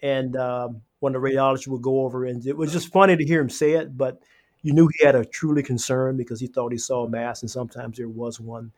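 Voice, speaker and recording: Earnest guy in his 50s answering interview questions, trips over words a lot, normal pitch. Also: little pitch movement, a little mellow. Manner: earnest, halting with many fillers and restarts. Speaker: radiology reading room coordinator. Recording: podcast interview.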